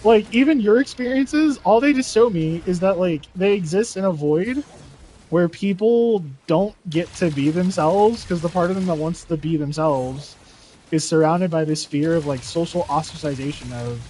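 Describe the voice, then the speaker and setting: A man with a fairly high-pitched voice rants in casual chat about online gaming. He talks in heated bursts, swearing often and darting from one tangent to the next. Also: moderate pace, dark tone, slight background noise, low-quality recording. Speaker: gamer.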